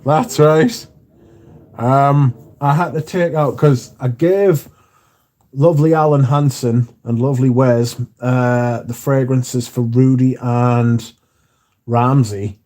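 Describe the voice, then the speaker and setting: A man with a mellow, dark-toned voice hosts a casual livestream. He talks loosely and mutters and curses to himself between thoughts. His voice sits at an ordinary middle pitch. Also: fairly even intonation, slow. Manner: chatty, muttering and swearing to himself. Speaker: livestream host. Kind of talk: casual livestream chat, reading out viewer comments.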